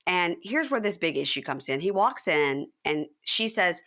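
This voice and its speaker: A woman's voice: on the low side, big pitch swings, normal speed, bright, forceful tone. A woman hosting a podcast, animatedly retelling a reality show scene and acting out the couple's lines. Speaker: podcast host. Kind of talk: casual recap chat.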